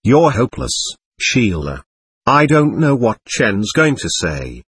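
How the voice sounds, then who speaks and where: A sharp-tongued woman of the house who snaps and scolds at every turn, as a man reading the story puts her on. Her voice carries a husky edge, and the sound is close and dry. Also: medium pitch, big pitch swings, slow pace, no echo, exaggerated voice. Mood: scolding. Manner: snappish, scolding.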